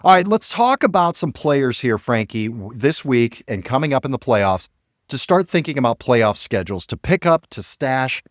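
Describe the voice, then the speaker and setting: A man co-hosting a sports podcast, hyped and animated with sarcastic asides. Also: mid-range voice, normal speed, no room sound, clean studio sound. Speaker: podcast co-host. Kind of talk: energetic sports talk.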